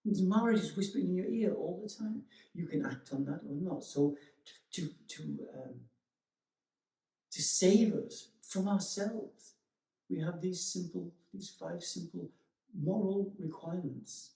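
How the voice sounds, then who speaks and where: A meditation teacher speaks gently and reflectively, with frequent pauses and restarts. His voice sits a little higher than most men's yet sounds mellow and relaxed. He is heard from a distance in a roomy, echoey space. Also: gravelly. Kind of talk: dharma talk. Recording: echoey room, voice from far off.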